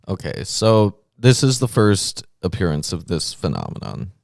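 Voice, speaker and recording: A man's voice: deep voice, sing-song, moderate pace, vocal fry, darkish tone, dry recording, studio quality. A man co-hosting a casual podcast, chatting and reading old scripture aloud with playful put-on voices. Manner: reads passages with put-on voices, murmurs agreement.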